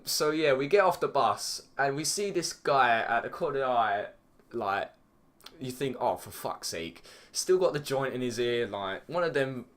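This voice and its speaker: A man's voice: mid-range voice, a bit bright. A teenage boy with an English accent telling a story casually, rambling, swearing and filling with "like". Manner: rambling, swears a lot, heavy use of "like". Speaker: vlogger.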